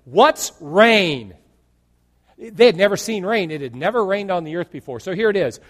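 A male pastor preaching a sermon in an animated way, acting out imagined dialogue and jokes. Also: high-pitched, fast talker, long reverb tail.

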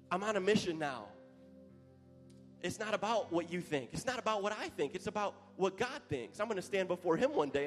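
A fairly high-voiced man preaching with passion, his voice swelling loud at the high points. He is recorded live in a church hall, and his voice rings out into a long reverb. Soft instrumental music plays underneath. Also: lively intonation, brisk. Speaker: pastor. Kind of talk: sermon.

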